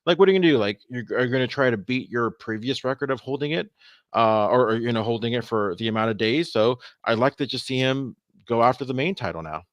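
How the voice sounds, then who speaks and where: Male podcast co-host, mid-range voice, animated and rambling with lots of stammering, dry close sound. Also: medium pitch, fast, dry recording. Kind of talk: casual podcast chat.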